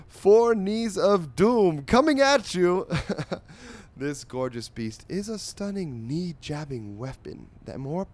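Man doing a high, posh, effusive reviewer voice for a comedy read-aloud, swooning and overblown. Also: darkish tone. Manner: grandly effusive, drawn-out exclamations. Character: pompous, gushing fancy-voiced male reviewer.

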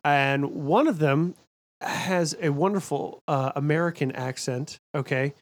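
A man's voice: fairly high pitch, measured pace. A man chatting casually on a podcast, blunt and profane, laughing often.

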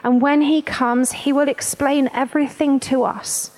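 Woman reading wary village woman, questioning, challenging, high-pitched, scripture reading. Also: steady tone, measured pace, darkish tone.

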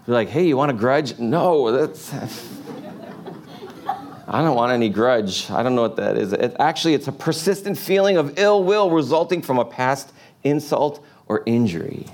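A man's voice: mid-range voice, lively intonation, normal speed, a little mellow, slight background noise. A man preaching a sermon in a casual, joking way, asking the congregation lots of rhetorical questions. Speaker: pastor.

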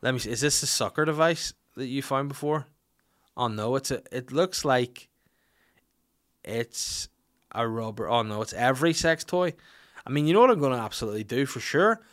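A man's voice: mid-range voice, moderate pace, fairly bright tone. A man, hosting a podcast in casual chat, reading out listener questions with blunt, jokey swearing. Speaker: podcast host.

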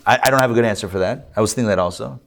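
A man's voice: lowish voice, racing, gravelly. A man teaching a live scripture class as a rabbi, speaking conversationally with fillers and restarts.

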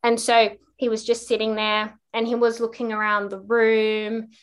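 A woman's voice: fairly high pitch, moderate pace, clean tone. A woman guest on a parenting podcast, casually telling a personal story and acting out the quotes. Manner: lively anecdote telling with acted-out quotes.

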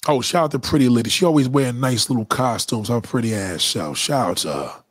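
A man streaming a casual, profane monologue, preachy and animated as he lectures his viewers. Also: mid-range voice, a little fast, husky, no room sound, clean studio sound. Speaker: live streamer.

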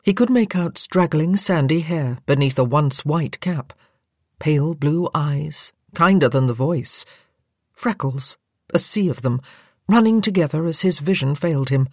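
A woman reading a novel aloud as an audiobook narrator, measured and even-paced. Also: deep voice, no room sound. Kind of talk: scripted narration. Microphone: close studio microphone. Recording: dry studio sound.

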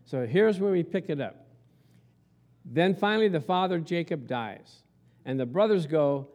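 A man's voice: a little high, expressive, unhurried, darkish tone. A man preaching a conversational sermon, telling a story and asking his listeners rhetorical questions along the way. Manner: chatty, asks the congregation rhetorical questions. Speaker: pastor.

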